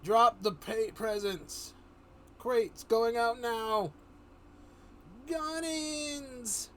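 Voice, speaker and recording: A man voicing an excitable henchman pilot in a read-aloud comic story, shouting eagerly. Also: very high voice, drawn-out words, slight background noise, pitched above the performer's own voice, exaggerated voice. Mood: excited.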